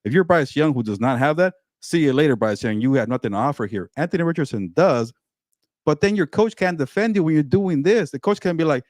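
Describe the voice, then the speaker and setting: A man's voice: fairly high pitch, animated, fast talker, a little mellow, no echo. Man, sports talk co-host, emphatic rants, dry close sound.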